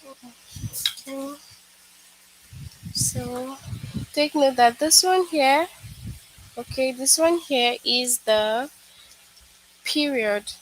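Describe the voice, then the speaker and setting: A woman's voice: sits high, drawn-out words, long pauses, slight background noise, low-quality recording. A woman teacher giving an online grammar lesson for young children, patient and repetitive, often checking in with "okay?".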